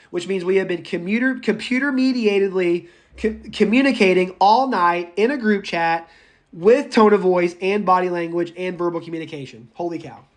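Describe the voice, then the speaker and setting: Animated, joking male speech instructor. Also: high-pitched. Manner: animated, joking, stresses single words slowly. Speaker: college public speaking instructor. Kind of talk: online lecture.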